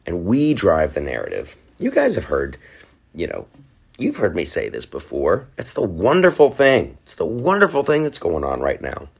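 A man hosting a podcast, talking in a rambling, animated solo monologue with frequent restarts and quick mimicked quotes. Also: low-pitched, creaky, breathy edge. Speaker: podcast host.

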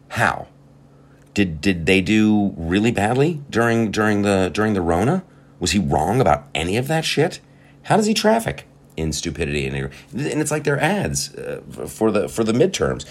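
A man's voice: low voice, sing-song, a little fast. A man hosting a podcast, delivering a profane, sarcastic comedic rant with laughing asides. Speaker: podcast host. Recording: faint guitar music behind.

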